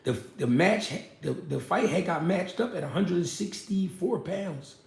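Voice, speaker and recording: A young man, a former pro boxer, telling his story in a casual, animated, profane way. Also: high voice, unhurried, vocal fry. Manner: animated, profane street talk with many "you know what I mean". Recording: echoey room.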